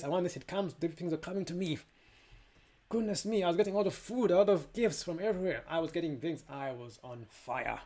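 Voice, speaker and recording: A young adult man speaks in a fairly high voice, recounting a personal experience as a motivational speaker. His delivery is animated, with sudden jumps in pitch and loudness, and he slips into other people's voices when he quotes them. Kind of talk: personal testimony monologue.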